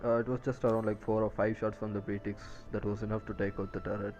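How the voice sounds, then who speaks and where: Flat, low-voiced male co-caster over loud music. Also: fast talker, highs cut off. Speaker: esports co-caster. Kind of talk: live game analysis.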